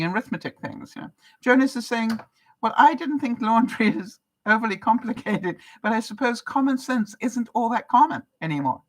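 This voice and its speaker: Heard through a low-quality recording, an older woman from Canada speaks at medium pitch in a casual live chat. Answering viewers' comments, she talks easily, laughs a lot, and repeatedly poses questions to her audience.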